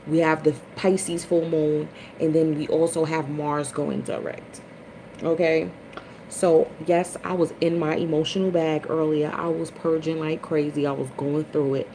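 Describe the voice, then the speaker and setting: A woman hosting a casual spiritual livestream chat, chatty and expressive, greeting viewers by name. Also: a little slow, slight background noise, poor audio. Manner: dramatic swings into high, loud retellings. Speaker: livestream host.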